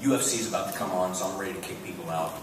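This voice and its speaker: A man telling profane, animated comic stories as a guest on a convention panel, often breaking into laughs, recorded in a large hall. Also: deep voice, very fast. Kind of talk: comic anecdote storytelling. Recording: echoey hall miked from far, noisy.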